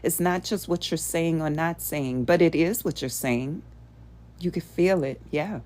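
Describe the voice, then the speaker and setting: Her voice sits low and a bit dark, and she talks a little slowly. As the show's host, this woman teaches a live audience about spiritual principles in an earnest, chatty manner, frequently throwing out rhetorical questions.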